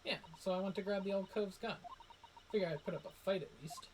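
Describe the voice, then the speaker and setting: A man voicing a scrappy young female pickpocket, attempting a Cockney accent and telling her story in a rushed, breathless way. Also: high-pitched, noisy background, lightly acted. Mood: shaken.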